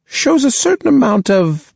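Guy putting on a stern principal lady, slow and formal, husky tone, dry sound. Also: very high voice, very animated, a little mellow, dry recording, muffled recording, pitched above the performer's own voice, exaggerated voice. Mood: grudging. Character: stern female school principal, middle-aged. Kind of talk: audiobook character voice.

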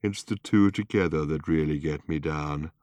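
Male reader's worn-out gloomy robot: deep, slow, hollow and groaning, dry booth sound. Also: darkish tone, dry recording. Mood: mournful. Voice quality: hollow rattle. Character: ancient gloomy male robot, rusty, self-pitying.

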